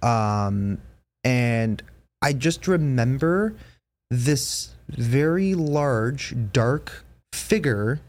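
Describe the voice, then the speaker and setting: A man's voice: medium pitch, lively intonation, extremely slow. A man hosting a podcast, telling a long ghost story in casual chat, full of fillers and restarts. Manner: rambling, lots of fillers and restarts. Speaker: podcast host.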